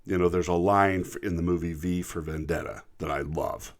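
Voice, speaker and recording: Brief: man from the US, very low voice, indignant trucker rant, repeats himself for emphasis. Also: fairly even intonation, moderate pace, background noise. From United States. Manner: indignant, emphatic, repeats words when worked up. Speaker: truck driver vlogger. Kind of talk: ranting commentary.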